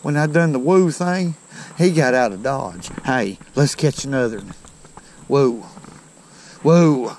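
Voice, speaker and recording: A man hosting a fishing video outdoors by a creek talks to viewers in a folksy manner, exclaiming at every catch. He speaks at normal speed with a medium pitch and a darkish tone, over slight background noise.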